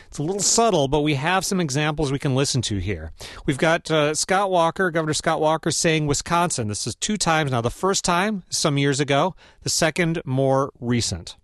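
A man's voice: on the high side, fairly bright tone. A man hosting a radio interview, asking questions in a curious, conversational way. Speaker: radio host.

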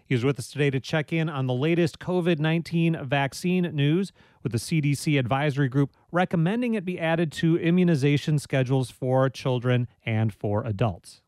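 A male public radio host with a somewhat high voice, talking in a measured, gently wry manner. The sound is dry and close, with no room around it. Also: no echo. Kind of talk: public radio talk show hosting.

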